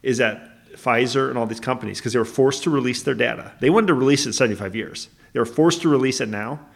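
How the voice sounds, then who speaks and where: This podcast co-host chats casually, rambling through his stories and frequently correcting himself along the way. He speaks fast at a medium pitch, with noticeable vocal fry.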